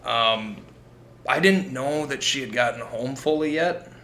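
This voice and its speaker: A man's voice: medium pitch, unhurried, pushed and bright, echoey room, a little hiss or hum. A young man co-hosting a podcast, telling a story in a casual, profane way and acting out the quotes. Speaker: podcast co-host.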